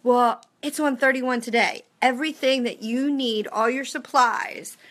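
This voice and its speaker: Talking from home with her family nearby, this upbeat thirty-something woman, a direct sales team director, offers tips to her sales team. Her high voice is a bit bright, and she stays casual and chatty, punctuating points with fast "okay?" and "right?" check-ins.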